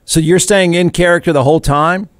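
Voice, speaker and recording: A man hosting a podcast interview, chiming in with quick interjections and questions. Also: a little high, fairly even intonation. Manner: quick interjections, chuckling prompts. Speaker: podcast host. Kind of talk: casual interview chat.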